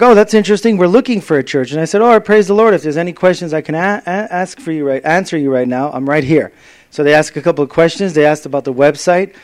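A man preaching a sermon, telling stories and acting out the dialogue in a lively way. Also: fairly high pitch. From Las Vegas area.

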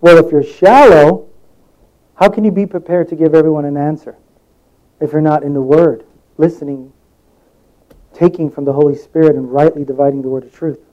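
A man's voice: a little high, fairly even intonation, moderate pace, pauses often, mellow, lo-fi sound. A man giving a sermon in a conversational way, telling stories from his own life and acting out the voices in them. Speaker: preacher.

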